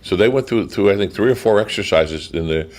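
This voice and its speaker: A man's voice: fairly low pitch, lively intonation, brisk, darkish tone. A man co-hosting a local radio show in a studio, joking playfully as he reads out the day's prizes. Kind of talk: casual on-air banter.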